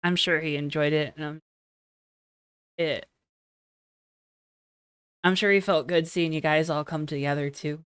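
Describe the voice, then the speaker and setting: A woman with a low, smooth voice conducts a friendly post-race interview, reassuring her guest as her questions ramble on. The sound is dry and close, with no room around it. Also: steady tone, measured pace, long pauses, no room sound.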